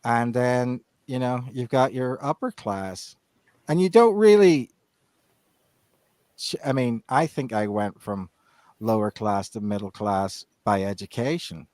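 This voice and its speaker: A man's voice: medium pitch, measured pace, a little mellow, no echo. A man with an educated Northern Irish accent, chatting casually on a podcast and rambling with many restarts. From Northern Ireland. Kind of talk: casual chat.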